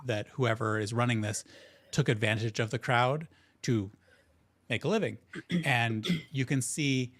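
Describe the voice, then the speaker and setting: A man narrating as game master of a tabletop role-playing game, describing scenes in a rambling, improvised way with many fillers. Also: mid-range voice.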